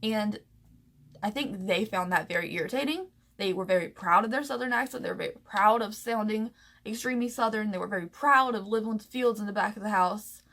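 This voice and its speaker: A young woman from the American South telling a personal story to camera, emotional and halting, close to tears, with many fillers and restarts. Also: mid-range voice, fairly bright tone. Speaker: vlogger.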